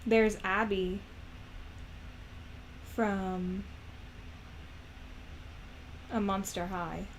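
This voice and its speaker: Slow, rambling woman thinking aloud. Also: medium pitch, fairly even intonation, a little hiss or hum. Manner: rambling, many fillers, self-mocking. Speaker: animation creator. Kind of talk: casual chat, thinking aloud.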